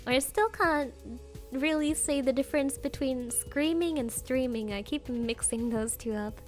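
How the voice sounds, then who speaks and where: A woman streamer chats with her viewers in a high, light voice, unhurried and soft. She is shy and giggly, filling pauses with little hums and laughs. Faint music plays in the background. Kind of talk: casual live-stream chat, reading out viewer comments.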